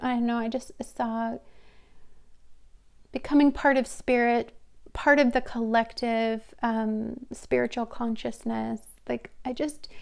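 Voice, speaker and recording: A woman's voice: fairly high pitch, creaky, a little mellow. A woman giving a pick-a-card tarot reading to her viewers, talking in a hesitant, searching, heartfelt way. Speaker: tarot reader.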